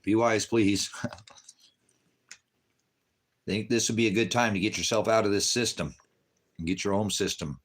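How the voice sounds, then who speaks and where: Deep-voiced rambling preacher man. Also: moderate pace, pauses often, a bit bright, slight background noise. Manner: rambling, drifts into baby talk to his cat. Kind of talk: casual talk to viewers. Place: farmhouse.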